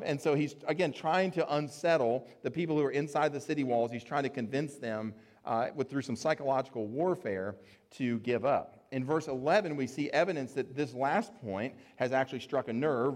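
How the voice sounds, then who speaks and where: A man preaching a sermon in an explanatory, conversational way, with fillers and restarts. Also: medium pitch. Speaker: pastor.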